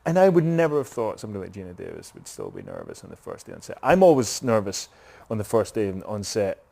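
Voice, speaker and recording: A man's voice: on the low side, wildly swooping pitch, fast, creaky, mellow. Chatty Scottish man, laughing easily. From Scotland. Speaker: actor guest. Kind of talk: casual podcast interview.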